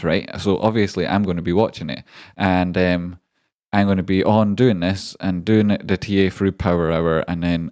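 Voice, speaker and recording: A man with a low, slightly mellow voice and no room sound hosts a trading livestream. He rambles and jokes casually with viewers, swearing now and then.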